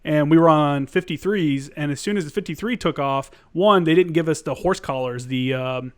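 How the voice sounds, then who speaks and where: Casual, profane podcast host. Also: male voice, on the high side, normal speed, clean tone. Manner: casual, profane, animated storytelling. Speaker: podcast host, former Marine.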